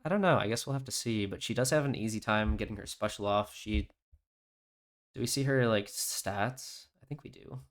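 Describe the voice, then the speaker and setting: A man's voice: fairly low pitch, moderate pace. A man hosting a casual game reaction chat, reading out stats and skill text in a laid-back way. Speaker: channel host.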